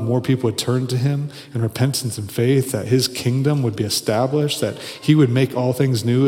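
A man's voice: mid-range voice, darkish tone. Earnest preaching man in a reverberant hall. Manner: earnest, builds to emphatic repetition. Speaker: pastor. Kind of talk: sermon. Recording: long reverb of a large hall.

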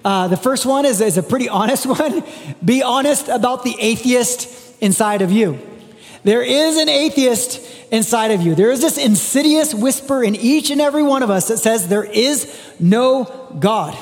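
Male pastor, high voice, earnest conversational sermon delivery, echoing church hall. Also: lively intonation, moderate pace. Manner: earnest, conversational preaching with frequent restarts.

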